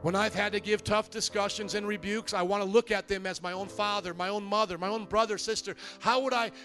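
A man preaching a sermon as pastor, telling stories with lively, acted-out quotes. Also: high-pitched, brisk, faint music behind. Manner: lively storytelling, acts out quoted voices.

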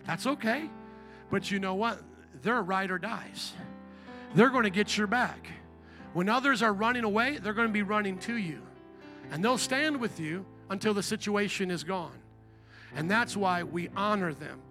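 A middle-aged pastor preaching in church, full of playful, animated storytelling. His voice sits high and sounds bright and gravelly. Soft instrumental music runs faintly beneath the sermon. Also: moderate pace. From Indiana.

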